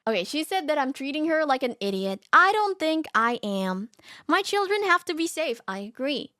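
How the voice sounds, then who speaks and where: A woman streamer reading a story aloud and reacting in casual chat, animated and giggly, often laughing. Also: high-pitched, normal speed, dry recording, clean studio sound. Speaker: VTuber streamer.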